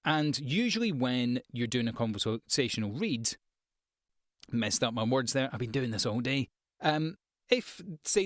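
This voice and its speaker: A man's voice: medium pitch, dry recording, studio quality. A man hosting a casual voice-over tips video, chatty and self-deprecating, with fillers and restarts. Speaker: voice-over artist and channel host.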